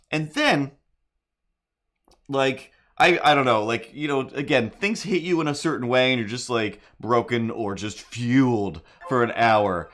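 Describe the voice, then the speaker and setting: A man's voice: medium pitch, a little slow. A middle-aged man telling a rambling story on a live stream while drawing, breaking into silly made-up jingles. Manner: rambling, animated, sings silly improvised jingles. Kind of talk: casual livestream storytelling.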